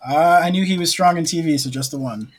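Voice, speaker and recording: A man's voice: a little high, quick pace, husky. A man competing in a trivia game who gives short, laid-back answers. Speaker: trivia contestant.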